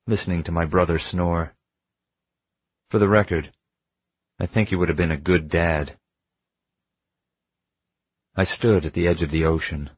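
A man narrating an audiobook in the first person, reading in a measured, intimate way. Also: low-pitched, slightly rough, dry recording.

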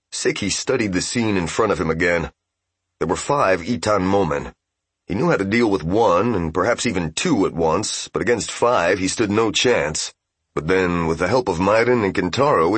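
A man narrating a fantasy game novel as an audiobook, in steady, even storytelling. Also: sits low, moderate pace, husky, dry recording.

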